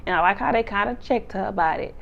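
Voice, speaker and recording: Woman, casual recap vlogger, animated storyteller, gravelly voice, dull lo-fi sound. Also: medium pitch, fast talker. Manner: animated, acts out quotes in exaggerated voices, laughs often. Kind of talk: casual episode recap chat.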